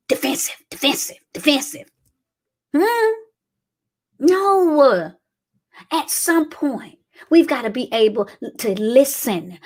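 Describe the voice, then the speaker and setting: A woman, giving a motivational preaching talk as host, acting out quoted people and asking her audience for response. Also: high voice.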